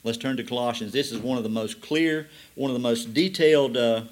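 A man delivering a sermon in a mid-range voice. He reads scripture slowly and deliberately, then explains it with rising emphasis. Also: mid-range voice. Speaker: preacher.

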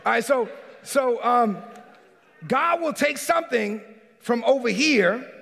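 A man preaching a sermon as a pastor in a church. He preaches emphatically, often shouting, and calls out congregants by name. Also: extremely high pitch, expressive, slow pace, creaky. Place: church sanctuary. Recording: reverberant hall.

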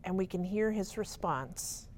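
A woman's voice: medium pitch, animated, a little slow, darkish tone, slight background noise. A woman teaching a Bible study in a conversational, emphatic way, often checking in with her listeners. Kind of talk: casual teaching talk.

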